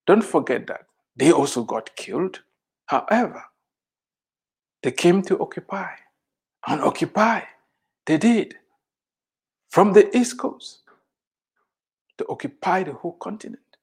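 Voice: medium pitch, animated, a little slow, creaky, long pauses, husky. Emphatic speaker repeating lines for effect. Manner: rhetorical questions, swings between loud and soft. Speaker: motivational speaker. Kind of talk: motivational address to immigrants.

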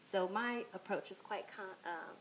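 A woman co-hosting a casual faith talk show, blunt and animated, laughing often. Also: mid-range voice, unhurried, a little hiss or hum. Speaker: co-host.

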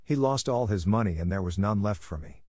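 A man doing a quiet young orphan girl. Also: fairly low pitch, expressive, fairly quick, no echo, clean studio sound. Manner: quiet, soft-spoken.

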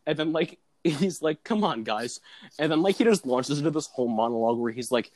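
A man's voice: on the high side, animated, fast talker, darkish tone, no echo. A young man chatting casually, rambling with lots of filler words as he retells a comedy sketch. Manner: rambling, full of "like" fillers, laughs at his own story. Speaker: student describing his comedy sketch. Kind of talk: casual chat.

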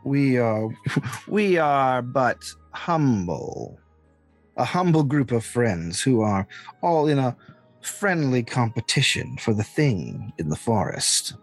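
A man voicing a scheming hag leader whose voice sounds oddly youthful. He speaks for her in a silky, slow, deliberate way in a tabletop game. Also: mid-range voice, very animated, soft background music, exaggerated voice. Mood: sly. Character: hag leader in silk and gold, purple-skinned, sly, scheming.

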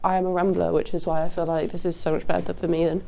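A woman's voice: lowish voice, little pitch movement, quick pace, gravelly, dark tone. A woman hosting a rambling solo podcast, sick and sniffly, casual and sweary, talking outdoors into a lapel mic with wind behind her. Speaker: podcast host. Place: outdoors at a windy horse yard. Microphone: lapel mic clipped to jacket. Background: wind noise.

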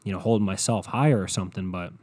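A young man talks straight into his podcast mic from his bedroom, rambling, cursing and working himself up into passionate rants. His voice is dark and mellow, recorded close and dry with no room sound. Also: sits low, fast, dry recording. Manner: rambling, profane, impassioned. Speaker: podcast host. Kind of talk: solo podcast monologue. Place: bedroom at home.

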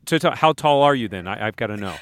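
A man's voice: fairly low pitch, animated, fast talker, fairly bright tone, no echo. A man hosting a podcast interview, asking follow-up questions and laughing along with his guest. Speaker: podcast host. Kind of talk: casual interview.

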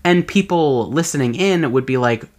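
A man hosting a solo podcast, chatting casually and playfully. His pitch swings widely and lively as he explains things and tosses in joking asides. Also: moderate pace. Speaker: podcast host.

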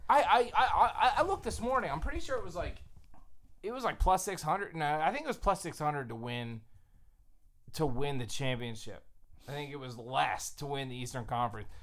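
A fired-up man co-hosting a sports podcast, swearing freely as he rants at speed. His pitch jumps around constantly as he pushes each point. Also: animated, a bit bright. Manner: profane, fast, emphatic ranting. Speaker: podcast co-host.

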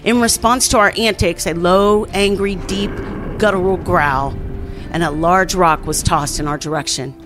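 A woman reading a first-person scary campfire story as scripted narration, at a steady storytelling pace. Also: lowish voice, normal speed. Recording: faint music underneath.

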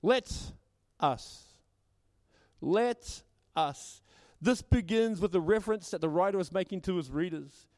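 A man's voice: high-pitched, lively intonation, a little slow, darkish tone. A man preaching a sermon as pastor, stammering on repeated words and acting out the voices he quotes. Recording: long hall reverb.

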